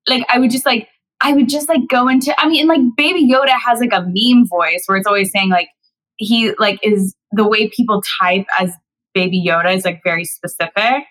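A woman's voice: a little high, brisk, fairly bright tone, rough recording. A young woman chatting as a podcast guest, giggly and rambling, often restarting her sentences. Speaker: podcast guest, actress and singer. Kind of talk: casual interview chat.

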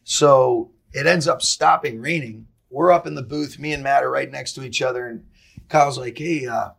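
A man who is a head coach, guesting on a podcast and telling stories in a quick, animated way. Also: medium pitch, vocal fry. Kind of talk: casual storytelling.

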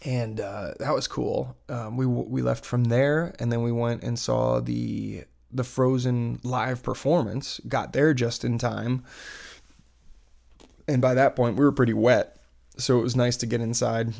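Brief: thirties dad, gravelly, mid-pitched, loose rambling chat full of ums and restarts. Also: male voice, steady tone, a little slow, a little mellow. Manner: rambling, chatty, many fillers and restarts. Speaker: parent recounting a theme park trip. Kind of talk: casual chat.

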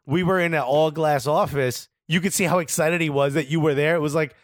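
A man's voice: on the high side, fairly even intonation, a little fast, no echo, clean studio sound. A man co-hosting a casual soccer podcast, telling stories playfully in slang and acting out the dialogue. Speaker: podcast co-host. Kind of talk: casual chat.

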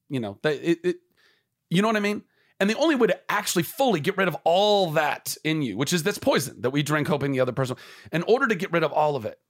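Brief: man, higher-pitched voice, podcast guest, passionate and heartfelt, often rephrases mid-thought. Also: a bit bright. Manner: earnest and impassioned, restarting phrases as he searches for words. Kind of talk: candid conversation.

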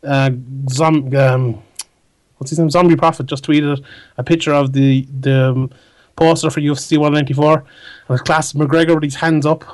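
A young man co-hosting a podcast, excitable with crude banter. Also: on the high side, moderate pace, no echo. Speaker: podcast co-host. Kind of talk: casual chat.

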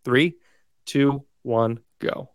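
A man's voice: medium pitch, steady tone, drawn-out words, clean tone, dry recording. Upbeat man hosting a podcast, dry sound. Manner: upbeat, runs segments like a game show. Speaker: podcast host. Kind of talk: casual podcast chat.

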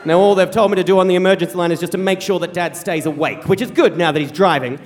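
A young man telling a true story on stage, animated and wry, acting out the people in it. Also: sits high, fast, crowd noise, background noise. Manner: animated, wry, acts out the quoted voices. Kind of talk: first-person storytelling on stage. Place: theater stage. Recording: live stage sound with hall reverb.

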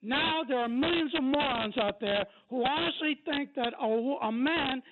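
A man's voice: very high-pitched, normal speed, creaky. A man calling in to a radio show, heated, combative and insulting as he rants. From New York. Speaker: caller. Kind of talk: call-in radio rant. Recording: tinny phone line with loud noise.

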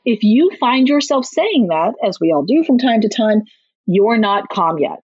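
A woman with a husky, slightly breathy voice gives parenting advice in a casual interview, animated and quick to act out little bits of dialogue. The sound is dry and close, a touch dull and lo-fi. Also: a little high, no echo. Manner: animated, acts out parents' and kids' lines in quick asides. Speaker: guest parenting author and clinical social worker.

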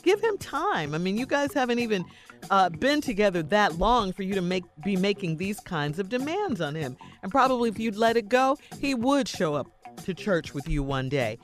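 Firm woman giving lively radio advice. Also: medium pitch, moderate pace, soft background music. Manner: firm, direct, scolding advice. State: slightly congested. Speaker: radio co-host reading and answering letters.

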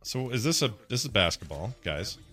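A man co-hosting a live stream, chatting casually and excitably as he reacts to game trailers. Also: medium pitch, moderate pace, faint music behind. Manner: excitable, jokey, lively intonation. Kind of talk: casual chat.

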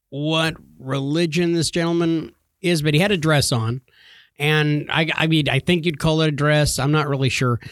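Man, podcast co-host, playful storyteller, fairly high voice, dry sound. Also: no room sound. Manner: joking storyteller, acts out customers in put-on voices. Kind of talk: casual chat.

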